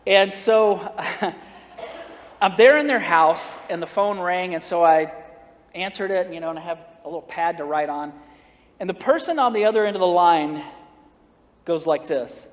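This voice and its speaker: A man's voice: high-pitched, measured pace. A man preaching a storytelling sermon, folksy and humorous, acting out the dialogue of his story. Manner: folksy, humorous, acts out dialogue, laughs at own jokes. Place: church sanctuary. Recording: long reverb of a church sanctuary.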